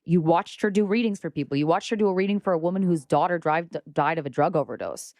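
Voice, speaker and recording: Lively low-voiced woman, candid and expressive. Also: fast, dry recording, studio quality. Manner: animated, swearing, expressive. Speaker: podcast guest. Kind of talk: casual conversation.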